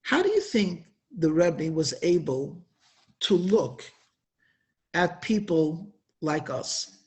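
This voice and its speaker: A man giving an inspirational religious talk at a Hasidic gathering, telling stories with emphatic, drawn-out stresses. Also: fairly high pitch, sing-song.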